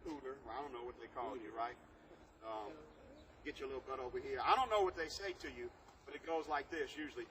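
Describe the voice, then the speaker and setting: A man's voice: mid-range voice, animated, fairly quick, pushed and bright, poor audio. A man mentoring a group outdoors, talking emphatically and drawing responses from his listeners. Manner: emphatic, calls for audience responses. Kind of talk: interactive workshop talk. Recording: outdoor noise with passing traffic.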